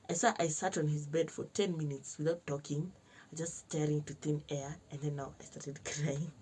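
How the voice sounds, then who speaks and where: A young Kenyan woman telling a personal story to camera in a lively vlog, switching between slangy Swahili and English and acting out other people's lines. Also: low voice, brisk, husky. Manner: animated, mixes slang-heavy Swahili with English. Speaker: vlogger.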